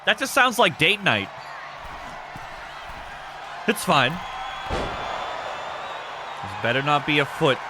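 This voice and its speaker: A man's voice: on the high side, very animated, takes it slowly, pauses often, crowd noise, noisy background. A man hosting a live game stream, commentating matches and chatting with viewers in a loose, laughing, foul-mouthed way.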